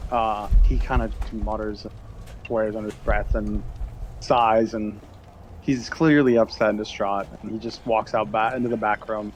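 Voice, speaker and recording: A man with a middle-pitched voice narrates a tabletop game as game master. He stumbles through his scene descriptions with ums and restarts, and faint noise hums underneath. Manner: halting narration with many fillers and restarts, laughs often.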